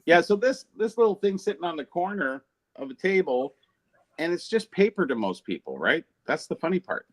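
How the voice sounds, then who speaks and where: A man's voice: a little high, very animated, normal speed. A man on a casual chat show telling rambling anecdotes about his buys. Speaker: guest.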